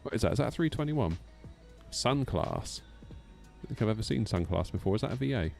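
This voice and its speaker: A man in casual live-stream chat, talking to his viewers while he flies a sim. His voice sits on the low side, and he answers chat aloud in a jokey, self-mocking way. Faint music plays underneath. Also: expressive, a little fast, creaky, darkish tone.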